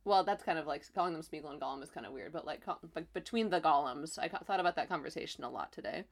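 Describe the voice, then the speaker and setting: A woman thinks out loud about a book, circling back with plenty of fillers and restarts. Her voice sits a little low. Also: animated, fast talker, gravelly. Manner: rambling, filler-heavy. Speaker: book club member. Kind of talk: casual chat.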